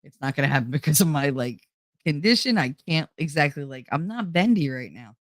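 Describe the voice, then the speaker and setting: A woman's voice: deep voice, brisk, dry recording, studio quality. A woman hosting her own show, chattily retelling a story and quoting what was said, while feeling unwell. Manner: chatty, animated retelling with quoted dialogue. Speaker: host. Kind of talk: casual storytelling chat.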